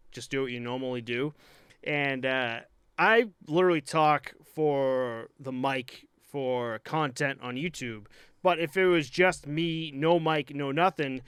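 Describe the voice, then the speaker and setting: Young male podcast co-host, clear smooth voice, dry close sound, rambling and profane. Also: on the high side, a bit bright, dry recording. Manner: loose, profane, rambling with many fillers. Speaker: hockey goalie. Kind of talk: casual podcast chat.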